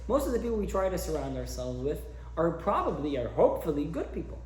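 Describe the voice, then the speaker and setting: Animated rabbi telling stories in class. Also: male voice, on the high side, brisk. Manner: warm storyteller who acts out his characters. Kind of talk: lecture with storytelling. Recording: roomy echo.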